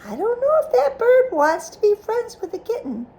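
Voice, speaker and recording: High, animated woman reading to a child. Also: moderate pace. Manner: animated, asks the child questions. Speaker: reader of a children's book. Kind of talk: reading a picture book aloud to a child.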